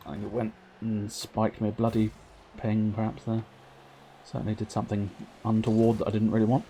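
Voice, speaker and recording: A man giving excitable, self-mocking running commentary on his own gameplay while streaming, sometimes turned away from his microphone. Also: fairly low pitch, brisk, breathy edge. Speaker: livestreamer. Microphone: desk microphone, sometimes turned away.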